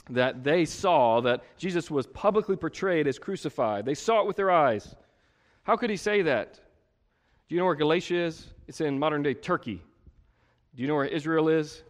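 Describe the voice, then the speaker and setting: A man preaching a sermon, full of rhetorical questions and sudden hushed emphasis. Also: on the high side. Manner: emphatic, rhetorical questions, drops to a hush for stress. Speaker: pastor. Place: church sanctuary. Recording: long hall reverb.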